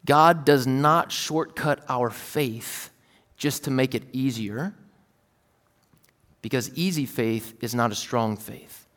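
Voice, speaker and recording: A man in his thirties preaching a sermon in a relaxed, storytelling way, acting out voices from family anecdotes. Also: medium pitch, takes it slowly. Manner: casual, storytelling, acts out his kids' voices. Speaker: pastor. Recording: long hall reverb.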